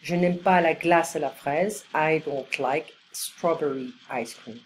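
A woman teaching an online language lesson, explaining and repeating phrases slowly for learners. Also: sits low, slight background noise, rough recording.

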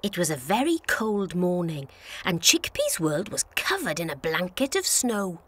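A woman presenting a preschool show, reading a story and talking directly to young children in a warm, singsong way. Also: on the low side, very animated, measured pace, slightly rough. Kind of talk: slow, expressive preschool storytelling.

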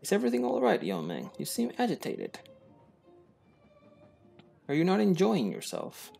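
A man's voice: high-pitched, huge pitch swings, normal speed, gravelly, dark tone, breathy edge, faint music behind, voice pushed up, exaggerated voice. A man voicing a prim, doting woman at a 1920s masked ball who calls everyone darling. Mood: fussing. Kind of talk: high posh put-on voice.

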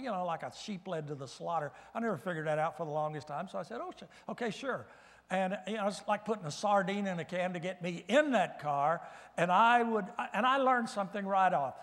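An older man preaching a sermon in a fairly high voice, mixing scripture with folksy, humorous stories. The sound carries a long church reverb. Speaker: guest preacher. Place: church sanctuary.

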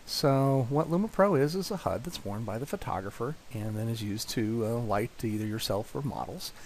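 A man explaining a software demo in a casual walkthrough, with frequent fillers and restarts. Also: mid-range voice, lively intonation, normal speed, slight background noise. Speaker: product demonstrator.

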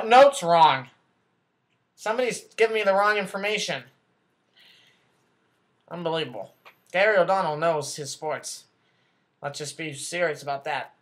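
Comedy sketch: a man as a self-important, bumbling male news anchor, voice on the high side, rambling and flustered. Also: a bit bright. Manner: rambling, flustered, corrects himself, talks back off-camera.

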